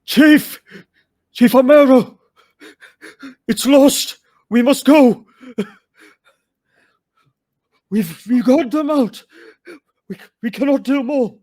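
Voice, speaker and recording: A man voicing a panicked elven sailor who yells urgent warnings. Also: very high-pitched, takes it slowly, long pauses, pitched above the performer's own voice, full character voice. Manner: yelling, urgent.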